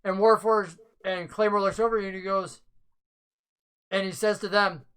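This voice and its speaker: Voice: medium pitch, fairly even intonation, moderate pace, a bit bright, clear, resonant tone, poor audio. A game master who narrates a tabletop game and explains the rules at length, thinking aloud.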